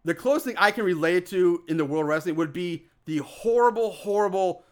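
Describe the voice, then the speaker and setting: Animated high-voiced man recapping a film. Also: fairly quick. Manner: animated, profane, laughs often. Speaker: podcast co-host recapping a film. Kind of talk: casual chat.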